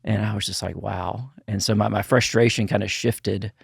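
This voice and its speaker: A man guest on a podcast, telling his story in a lively casual way, peppered with "you know" and acting out what others said. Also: on the low side, a little fast, gravelly, slightly rough, no echo, clean studio sound. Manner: animated storyteller, acts out quotes with filler "you know". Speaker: guest, camp ministry founder.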